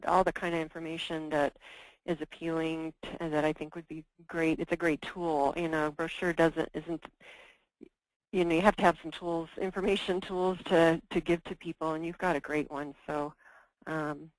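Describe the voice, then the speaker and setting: A woman's voice: low-pitched, level tone, normal speed, dry recording, rough recording. A woman leading a conference call discussion, hesitant and full of fillers and restarts. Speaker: meeting presenter.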